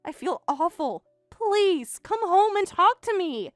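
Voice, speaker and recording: Bratty young daughter, woman voicing, snippy and dismissive, very high voice, dry close sound. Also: big pitch swings, slow pace, dry recording, faint music behind, full character voice. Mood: panicked. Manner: snippy, eye-rolling retorts. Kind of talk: text-message story voice acting.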